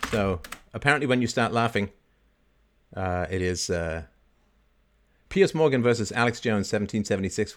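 Middle-aged male livestream host, lively swooping delivery, mocking, quick to laugh, acts out quoted voices. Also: fairly low pitch. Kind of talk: casual livestream monologue.

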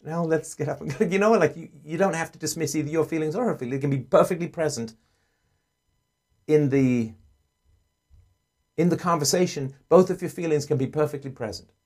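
A man hosting a call-in advice show, earnestly explaining and acting out gentle parent dialogue. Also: on the high side, fairly quick, pauses often.

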